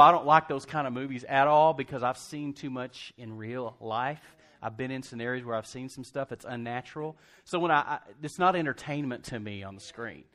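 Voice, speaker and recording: A man preaching a sermon at an ordinary middle pitch, in a loose conversational style. He jumps into asides and humor and often restarts his sentences, keeping the storytelling animated. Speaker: pastor.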